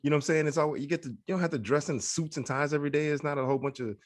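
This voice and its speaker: A man's voice: fairly high pitch, racing. A middle-aged man co-hosting a podcast in casual, laid-back chat, often asking "right?". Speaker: podcast co-host.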